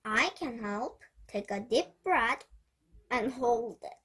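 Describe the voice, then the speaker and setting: A woman reading the part of a calm, helpful female schoolteacher in a children's storybook. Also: on the high side, takes it slowly, slightly rough, exaggerated voice.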